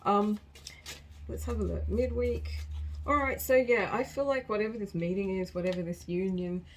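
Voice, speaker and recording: A woman's voice: medium pitch, fairly even intonation, moderate pace, low-quality recording. A woman giving a casual collective tarot reading, chatty and rambling, often laughing at herself. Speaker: tarot card reader.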